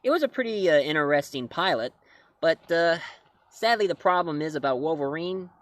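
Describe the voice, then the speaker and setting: A man's voice: a little high, expressive, normal speed, dry recording. A man reviewing comics and films in a casual talk to camera, rambling and correcting himself as he goes. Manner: rambling, self-correcting, chuckling.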